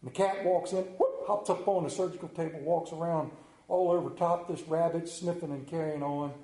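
A man's voice: fairly high pitch, fairly even intonation, moderate pace, mellow. A man pastoring a church, telling a joke story in a folksy manner and then reading a psalm aloud. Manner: folksy storyteller, drawling humor. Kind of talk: sermon with jokes and scripture reading. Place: church sanctuary. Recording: echoey church room.

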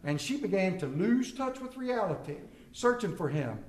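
High-voiced joking pastor in a roomy church. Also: male voice, very animated, normal speed. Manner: storytelling with jokes and asides. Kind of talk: humorous sermon. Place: church sanctuary.

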